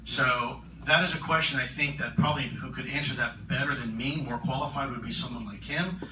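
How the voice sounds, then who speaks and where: A man answering audience questions at a conference, earnest and measured, often repeating his words. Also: mid-range voice. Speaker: conference keynote speaker. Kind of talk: public Q&A answers. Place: large conference hall. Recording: roomy hall, distant mic, noisy.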